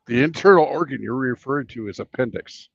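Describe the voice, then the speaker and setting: A man co-hosting a trucking livestream, calmly explaining news and reading answers aloud. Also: medium pitch, fairly quick, vocal fry, no echo, highs cut off. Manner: calm, informative, reads answers aloud. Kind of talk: casual livestream chat.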